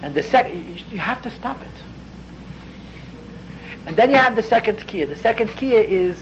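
A man's voice: high voice, expressive, normal speed. A man teaching a Hasidic text class, explaining earnestly and growing more intense as he goes. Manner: earnest, explanatory, dense with Hebrew and Yiddish terms; grows intense and raised toward the end. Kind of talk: spoken study lecture. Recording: dull lo-fi with faint background noise.

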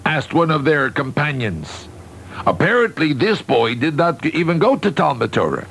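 Lively man reading a story aloud. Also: a little high, moderate pace, vocal fry, slightly rough, poor audio.

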